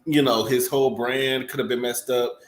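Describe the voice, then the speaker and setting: A man's voice: mid-range voice, fairly even intonation, normal speed. A man co-hosting a casual gossip chat, matter-of-fact and opinionated. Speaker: co-host. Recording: roomy echo, faint noise.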